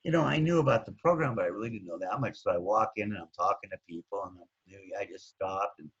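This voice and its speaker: Man, casual rambling storyteller, husky voice, muffled lo-fi recording. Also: on the low side, fast, a bit bright. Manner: rambling, keeps saying anyways. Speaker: guest telling his recovery story. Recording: dull lo-fi recording.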